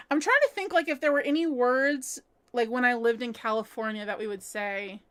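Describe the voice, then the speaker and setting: A woman's voice: sits high, unhurried, a bit bright, clean tone. An American woman hosting a casual livestream from home, chatting and answering viewer comments, laughing often and saying "like" a lot. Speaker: livestream host. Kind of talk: casual chat reading live comments.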